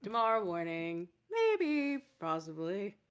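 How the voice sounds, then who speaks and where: A woman's voice: mid-range voice, huge pitch swings, slow, clear, resonant tone. A woman voicing a flirtatious, swaggering male noble who teases with a suggestive drawl, in a tabletop game. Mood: flirty, smug.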